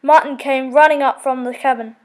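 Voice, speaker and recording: A woman's voice: high voice, fairly even intonation, brisk. A woman reading a children's story aloud, with small slips and self-corrections.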